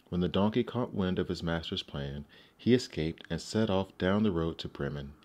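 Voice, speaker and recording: A man narrating fairy tales in a gentle, expressive storybook reading. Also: sits low, moderate pace, highs cut off.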